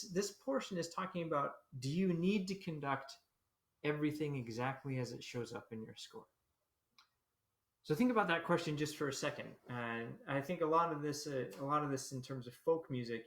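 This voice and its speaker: A man's voice: medium pitch, a bit bright. Roomy-sounding man teaching conducting. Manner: explains conducting, sings rhythms on syllables, greets viewers. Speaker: military band conductor. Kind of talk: livestreamed conducting lesson. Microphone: computer camera mic. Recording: roomy echo.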